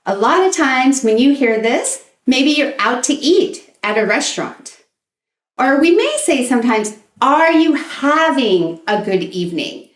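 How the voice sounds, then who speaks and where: A woman teaching English at a very slow, deliberate pace. Her voice rises and falls widely as she models greetings for learners to repeat, in a roomy, echoey space. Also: sits high, sing-song. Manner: patient, drawn-out enunciation, modeling phrases for repetition. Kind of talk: slow, clear instructional video lesson. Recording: echoey room.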